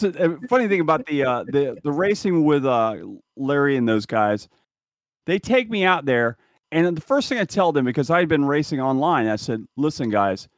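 A man hosting a podcast, telling a lively story in casual chat and laughing as he talks. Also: on the high side, no echo, clean studio sound. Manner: animated storyteller, laughs while talking. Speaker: podcast host.

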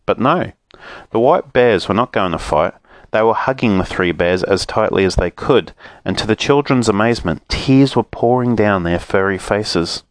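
A man reading a children's storybook aloud, lively and expressive. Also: lowish voice, moderate pace, no room sound.

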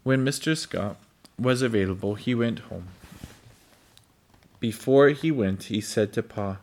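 A man reading a children's storybook aloud, halting and stumbling over words. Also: on the low side, a little mellow. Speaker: reader.

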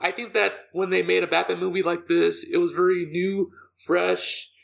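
A man co-hosting a podcast in casual chat, halting, with many fillers and repeats. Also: high-pitched, little pitch movement, creaky, a bit bright.

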